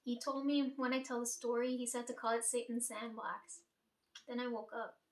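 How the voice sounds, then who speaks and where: A young woman talks casually, swearing freely and tagging "right?" onto her sentences. Her voice sits a little high and stays fairly flat in pitch. She is heard from some distance in an echoey room. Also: moderate pace. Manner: rambling, profane, many "like" and "right?". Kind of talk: casual dream retelling. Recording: echoey room, voice far from mic.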